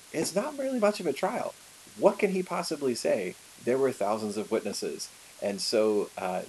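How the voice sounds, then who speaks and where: A man telling a history story in a lively, conversational lecture style, full of asides and fillers. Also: fairly low pitch, a little hiss or hum, low-quality recording.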